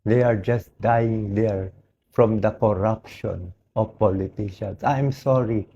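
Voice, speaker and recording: A hoarse man with a Filipino accent, a doctor speaking in an emotional personal vlog, talking slowly and pleadingly. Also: lowish voice, dark tone, highs cut off, slight background noise. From Philippines. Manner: slow, pleading, mixes English and Tagalog. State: hoarse, voice dried out.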